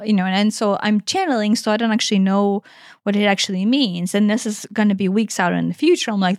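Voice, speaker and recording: A woman's voice: mid-range voice, fast talker, no room sound. Earnest woman in her forties, dry sound. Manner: earnest, emotional, swears freely. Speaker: podcast co-host. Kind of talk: casual conversation.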